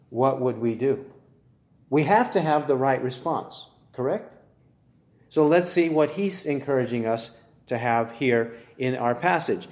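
A man preaching a sermon, building his points through earnest, measured rhetorical questions. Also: on the high side, a little mellow, reverberant.

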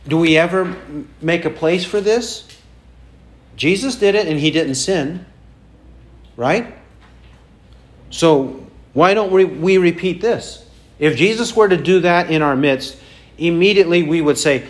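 A man's voice: high voice, a little slow, long pauses. A man preaching a sermon, asking the congregation questions and repeating key phrases for emphasis. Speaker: pastor.

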